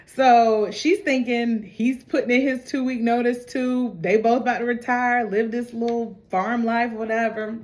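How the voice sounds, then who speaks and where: A woman's voice: on the high side, steady tone, measured pace, hardly any pauses, darkish tone. A young woman in a casual TV recap, talking in a chatty, slangy way and acting out the characters' lines as she goes. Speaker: TV recap host.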